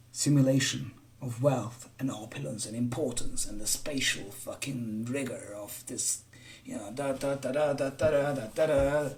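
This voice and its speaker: A man rambling and swearing through a late-night livestream monologue, chuckling between remarks. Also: mid-range voice. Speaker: livestream host and musician.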